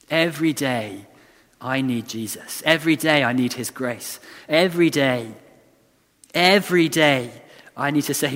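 A man preaches at a moderate pace in a fairly high, slightly bright voice, earnest and conversational, restarting and repeating lines for emphasis. The church setting gives the recording a long reverb.

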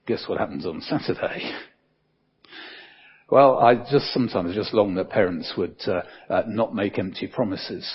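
An older man preaching a sermon in a conversational way, with many fillers and soft dips for emphasis. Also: lowish voice, normal speed, breathy edge, lo-fi sound.

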